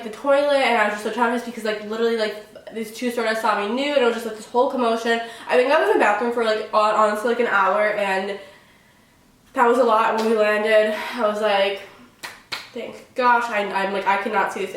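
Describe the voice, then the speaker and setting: A young woman telling a story on her vlog in a casual, excitable way, filling almost every phrase with "like". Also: on the high side. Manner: chatty, fills every phrase with "like"; excitable, dramatic retelling. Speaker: vlogger. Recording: very echoey room, mic at a distance.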